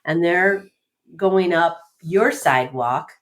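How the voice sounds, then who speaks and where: Neighbor woman with a somewhat low voice, relaxed and conversational, brisk delivery. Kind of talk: casual chat.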